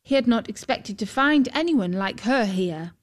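A woman narrating a fairy tale in a calm, measured storytelling manner. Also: on the high side.

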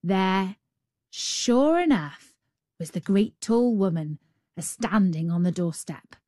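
A woman reading a fairy tale aloud, slow and rhythmic, building up her repetitions. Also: on the low side, dark tone, no echo, clean studio sound. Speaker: storyteller.

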